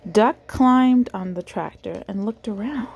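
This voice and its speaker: A woman reading a picture book aloud to a child in a gentle, animated way, pausing to ask the child questions. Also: mid-range voice, vocal fry, slight background noise. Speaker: reader of children's books.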